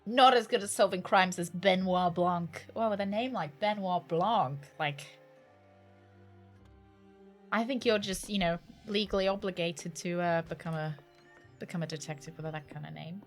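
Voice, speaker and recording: A woman's voice: fairly low pitch, normal speed, soft background music. Chatty British woman streaming a game. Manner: chatty, playful, teasing banter with chat. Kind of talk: casual let's-play chat.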